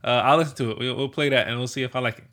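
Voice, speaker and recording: A young man co-hosts a laid-back podcast, his voice bright and clear. He rambles through his points with plenty of fillers. He laughs easily and gets animated when he argues. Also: mid-range voice, very fast. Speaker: podcast co-host. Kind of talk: casual chat.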